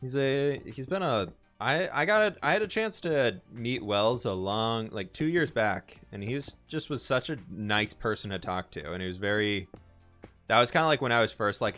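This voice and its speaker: A man's voice: mid-range voice, expressive, normal speed, a bit bright, soft background music. A man streaming live, chatting casually and thinking aloud as he answers chat and builds in a game.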